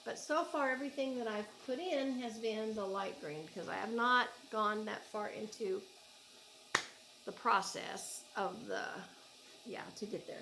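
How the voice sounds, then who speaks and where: A woman's voice: medium pitch, a little slow, gravelly, noisy background. A woman with an Oklahoma accent, chatting casually and gushing as she unboxes yarn at home for her crochet vlog. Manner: chatty, gushing, thinks aloud. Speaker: crochet vlogger.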